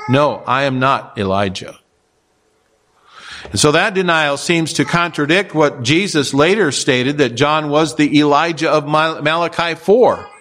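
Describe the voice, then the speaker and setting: A man preaching from the pulpit with a somewhat high-pitched voice. He works through a passage verse by verse, asking rhetorical questions and stumbling now and then with small fillers and restarts. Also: moderate pace, few pauses, a bit bright. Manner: expository preaching with rhetorical questions and acted quotes. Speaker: pastor. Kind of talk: sermon.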